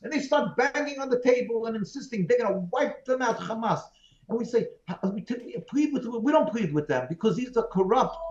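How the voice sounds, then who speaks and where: A man's voice: sits high, a little mellow. A man, a rabbi as interview guest, giving emphatic, pleading answers full of repeated phrases over a video call. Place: remote call from home. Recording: roomy, dull video-call audio.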